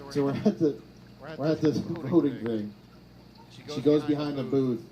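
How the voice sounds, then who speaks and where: A man performing a stand-up comedy set, telling stories in a dry, deadpan way and acting out quotes. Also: fairly high pitch, unhurried, dull audio, crowd noise. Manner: deadpan storytelling with acted-out quotes. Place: comedy stage with a laughing audience. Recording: live audience laughter.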